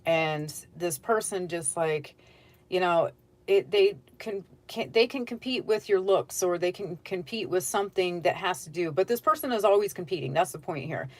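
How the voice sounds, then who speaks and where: Chatty woman tarot reader, low voice. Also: moderate pace, a little mellow. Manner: chatty, keeps checking in with "okay?"; direct advice to the viewer. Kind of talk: casual tarot reading.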